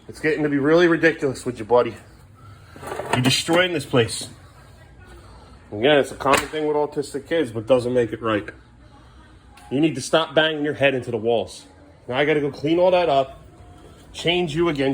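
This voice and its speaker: A frustrated father talks and scolds his kids in a mid-pitched voice while filming at home. He vents openly and snaps between sharp orders and weary complaints. A faint household hum sits under the phone recording. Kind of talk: casual home vlog. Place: family home indoors.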